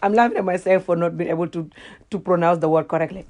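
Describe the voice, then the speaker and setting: A woman's voice: on the low side, fairly even intonation, fast, darkish tone. A Gambian woman whose first language is Wolof, ranting casually in a video, often laughing at herself and repeating words as she searches for them. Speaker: vlogger. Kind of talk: casual reaction rant.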